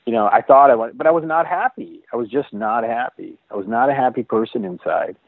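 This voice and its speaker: A man telling his own story as an interview guest, earnest and halting, restarting and repeating words as he goes. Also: mid-range voice, creaky, dry recording. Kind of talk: personal storytelling in a conversation. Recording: dry, phone-like narrow sound.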